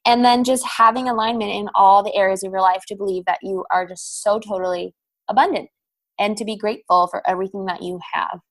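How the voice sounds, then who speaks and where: A woman's voice: mid-range voice, steady tone, brisk, a bit bright. A young woman guest on a podcast, upbeat and giggly in casual chat.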